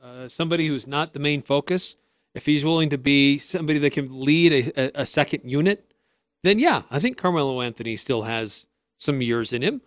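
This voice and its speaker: A man co-hosting a sports radio show, making his points in a measured, thinking-aloud way. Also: mid-range voice, expressive, dry recording, clean studio sound. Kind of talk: casual sports talk.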